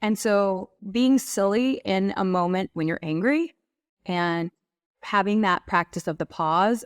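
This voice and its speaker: A middle-aged woman, a guest on a talk show, telling personal stories in an animated way and acting out what people said. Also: medium pitch, measured pace, smooth, no room sound, clean studio sound. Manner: animated, acts out quoted voices. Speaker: guest, women's group leader. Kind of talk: conversational storytelling.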